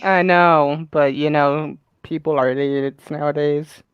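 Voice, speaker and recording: A man's voice: a little high, steady tone, measured pace, clean tone, no echo, dull audio. A man chatting as a guest on a live stream, joking around and laughing a lot. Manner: giggly, laughs often. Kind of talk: casual chat.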